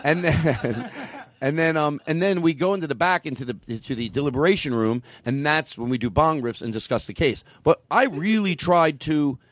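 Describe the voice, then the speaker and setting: A man hosting a comedy podcast, rambling excitably and laughing a lot as he tells a story. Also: fairly high pitch, normal speed. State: stoned. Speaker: podcast host. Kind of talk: casual comedy podcast chat.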